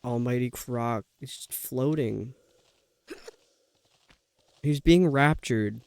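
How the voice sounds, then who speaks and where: A man's voice: mid-range voice, takes it slowly, gravelly, smooth, dry recording. A man streaming a video game live, talking to himself and his viewers in a grumbling, exasperated way. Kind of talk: live gameplay commentary.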